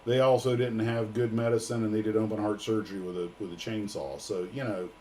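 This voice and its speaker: A man's voice: on the low side, steady tone, a little fast, darkish tone, slight background noise. An American man hosting a casual livestream, joking and rambling with plenty of fillers. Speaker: livestream host.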